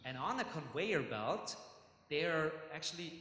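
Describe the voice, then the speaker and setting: A man narrating as game master of a tabletop game, animated and groping for words. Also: fairly high pitch, moderate pace. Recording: echoey room, loud music.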